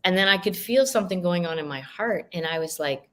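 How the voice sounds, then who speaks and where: A woman's voice: lowish voice, very animated, fairly quick, few pauses. A woman life coach and author as an interview guest, telling a story animatedly and acting out the dialogue. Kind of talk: casual interview chat.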